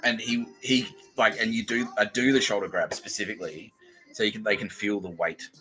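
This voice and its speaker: Profane, agitated Australian man, low voice. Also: fairly even intonation, fairly quick, pushed and bright, faint music behind, rough recording. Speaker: podcast host. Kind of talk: casual rambling monologue.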